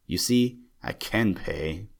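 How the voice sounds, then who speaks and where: A man voicing a fussy, excitable old male stamp collector with a chattering, genteel manner. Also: fairly low pitch, slow, vocal fry, heavily acted. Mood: earnest. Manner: chattering, genteel, easily indignant.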